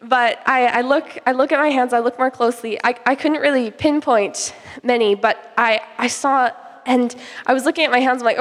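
Young adult woman, casual testimony, hesitant delivery full of fillers; slightly high voice, long hall reverb. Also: normal speed. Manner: hesitant, many fillers and restarts. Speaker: church youth sharing a testimony. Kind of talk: casual personal faith testimony.

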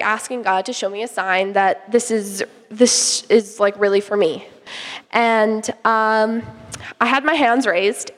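Young adult woman, casual testimony, hesitant delivery full of fillers; slightly high voice, long hall reverb. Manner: hesitant, many fillers and restarts. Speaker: church youth sharing a testimony. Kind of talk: casual personal faith testimony.

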